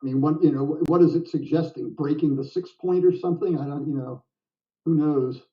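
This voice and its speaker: An older man calling a game live, chatty and full of quips, with a slightly high voice. He sounds set back from the mic, and the audio is dull and muffled. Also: fairly even intonation, recorded from a distance. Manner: chatty, jokey, quick to laugh. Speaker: backgammon commentator.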